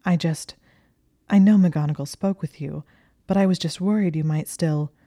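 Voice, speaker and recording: A woman reading the lines of a nervous teenage witch, hurried and stumbling over her words. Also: deep voice, fairly even intonation, mellow, no echo, clean studio sound. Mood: flustered.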